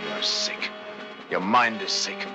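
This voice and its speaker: A man's voice: lowish voice, very animated, slow. An actor playing a merciful male convict who speaks earnestly, from a film soundtrack with music behind.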